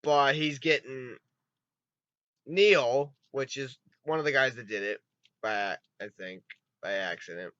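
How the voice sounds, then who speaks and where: A man giving a rambling, excitable spoken movie review, swearing often and retelling scenes with quick put-on voices. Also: mid-range voice, no room sound, lo-fi sound. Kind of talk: casual spoken film review.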